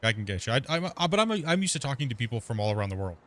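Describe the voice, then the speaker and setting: Male streamer host, rapid rambling casual talk, middle pitch. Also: big pitch swings, a bit bright. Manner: talks extremely fast, rambling with many restarts. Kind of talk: casual gaming chat.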